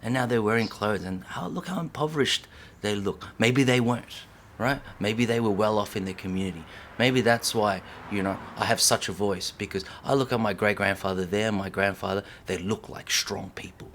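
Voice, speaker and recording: A breakdancer delivering an impassioned, profane rant to camera, swinging between loud outbursts and hushed whispers and repeating lines for emphasis. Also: male voice, on the low side, normal speed, slight background noise.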